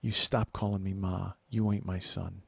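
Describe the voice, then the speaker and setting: Brief: paranoid elderly mother, low and accusing, gravelly edge, put on by a man telling a story. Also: level tone, normal speed, no echo, exaggerated voice. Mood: paranoid, hostile.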